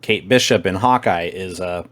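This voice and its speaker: A man's voice: deep voice, moderate pace, fairly bright tone. A man co-hosting a podcast in casual chat, rambling and joking crudely, often laughing, talking over an online voice call from home. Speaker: podcast co-host.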